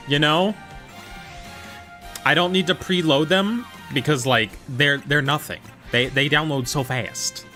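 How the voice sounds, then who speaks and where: A man's voice: fairly high pitch, sharp tone. A young man live-streaming a game, chatting casually and joking with his chat. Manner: joking, rambling, slips into whispers.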